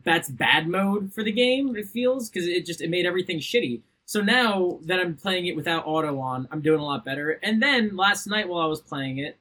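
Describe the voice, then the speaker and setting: A man's voice: high-pitched, sharp tone. A man co-hosting a podcast, joking crudely and laughing often in casual chat. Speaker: podcast co-host.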